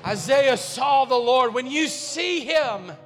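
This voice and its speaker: An impassioned male pastor preaches with a very high, bright voice, repeating phrases and building to shouts. His voice carries a long reverb from a large church sanctuary. Soft music plays faintly underneath. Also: animated, slow pace. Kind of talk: sermon.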